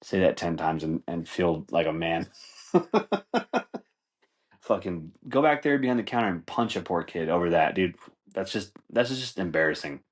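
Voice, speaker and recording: A podcast host with a low, sing-song voice tells fight stories at a moderate pace. His casual comedic commentary is profane and rambling, punctuated by frequent laughter.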